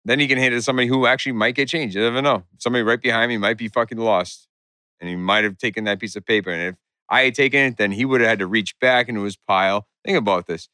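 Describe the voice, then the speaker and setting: A man's voice: mid-range voice, very fast, bright, forceful tone, clear, resonant tone, dry recording, clean studio sound. A young man in casual chat, laid-back and rambling, laughing along.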